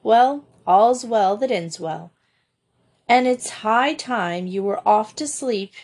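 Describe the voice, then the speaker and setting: A woman reading aloud, voicing a kindly but firm male doctor who gives brisk orders. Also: fairly high pitch, expressive, darkish tone, heavily acted. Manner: brisk, commanding.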